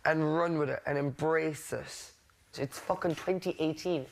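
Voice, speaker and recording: A man's voice: fairly high pitch, a little slow, gravelly, slight background noise. A man housemate in a casual heart-to-heart, blunt and reassuring, swearing freely. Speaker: reality show housemate.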